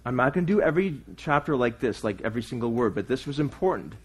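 A man preaching a sermon as pastor. He speaks earnestly, puts questions to his congregation, and moves between loud emphatic lines and quiet asides. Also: medium pitch, expressive, fast, slightly rough.

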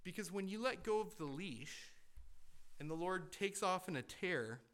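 A man preaching a sermon in a conversational way, asking the congregation questions and shifting between loud emphatic lines and quiet asides. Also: sits high, animated, a little slow. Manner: conversational preaching with rhetorical questions and repeated restarts. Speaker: pastor.

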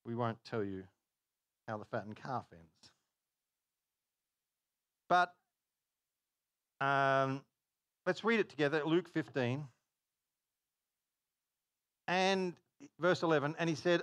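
A man's voice: a little high, takes it slowly, long pauses, a bit bright, no room sound. A man preaching a conversational sermon, telling stories, stopping himself mid-sentence and acting out dialogue. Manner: chatty, self-interrupting, acts out dialogue.

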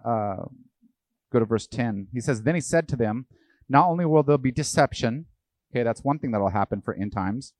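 A middle-aged man preaching a sermon in a conversational, animated way, often acting out quoted voices. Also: medium pitch, no room sound. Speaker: pastor.

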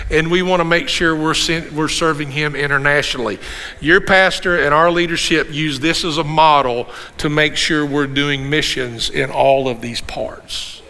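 A man in his sixties, a pastor preaching an animated sermon with rhetorical questions and repeated refrains. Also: on the high side. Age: 60s. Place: church sanctuary. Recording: long hall reverb in a church.

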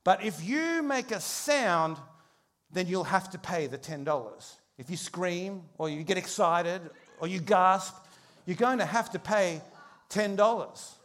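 A friendly, businesslike pilot talks in a brisk, matter-of-fact way, as a pastor voices him. His voice stays high, close to the preacher's own. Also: animated, fairly bright tone.

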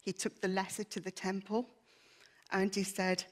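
A woman's voice: medium pitch, level tone, moderate pace. A woman giving a personal testimony to a church congregation, candid, chatty and self-deprecating, earnest and emotional.

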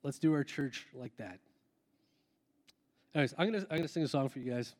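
A man's voice: medium pitch, a little fast, slight background noise. A man who is a worship pastor, talking earnestly and rambling from the stage of a church, with lots of fillers and restarts. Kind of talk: casual talk from the stage before a song. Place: church hall with a long, echoing reverb. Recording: echoey hall with soft music behind.

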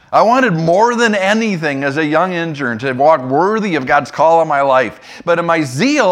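A man preaching a sermon, telling a story with lively back-and-forth dialogue and slowing for emphasis. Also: mid-range voice. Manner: lively storytelling, acting out both sides of a remembered dialogue; slows and softens for emphasis. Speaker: pastor.

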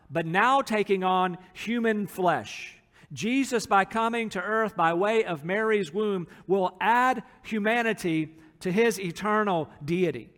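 A man's voice: sits high, fairly bright tone, long reverb tail. A middle-aged man preaching a sermon, reading scripture aloud and explaining it earnestly. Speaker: pastor.

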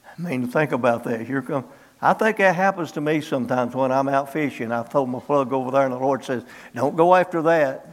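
A man's voice: mid-range voice, a little fast. A middle-aged man preaching a sermon in a folksy storytelling way, acting out biblical dialogue in plain country speech.

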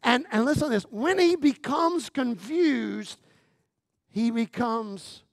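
Slow, gravelly high-voiced preacher man. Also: expressive, no echo, clean studio sound. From Texas. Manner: humorous, conversational preaching with repetitions; swings from loud emphatic lines to near-quiet phrases. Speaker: guest pastor. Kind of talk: sermon.

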